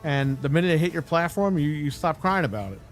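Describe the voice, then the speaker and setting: A man's voice: on the high side, animated, fast, soft background music. A man ranting angrily and bluntly on a live stream, swearing heavily and mocking the people he argues with. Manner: angry, blunt and heavily profane, mocking voices he quotes. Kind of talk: profane rant on a live stream.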